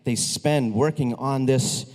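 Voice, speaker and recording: A school band director with a mid-range, slightly mellow voice hosts a school concert, talking slowly and steadily to the audience between pieces. He's chatty and upbeat, with restarts and asides, and the large auditorium adds a long reverb.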